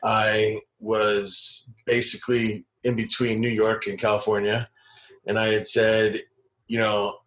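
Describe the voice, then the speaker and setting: A man's voice: lowish voice, completely flat delivery, slow pace, fairly bright tone. A man in his forties, a podcast guest, telling stories in a blunt, rambling way. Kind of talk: casual storytelling chat.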